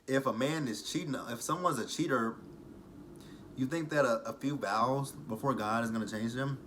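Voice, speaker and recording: A man's voice: medium pitch, normal speed, fairly bright tone, a little hiss or hum. A man hosting a casual reaction vlog, chatty and sarcastic, with some cursing. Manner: chatty, sarcastic, uses profanity. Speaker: reality TV recap host.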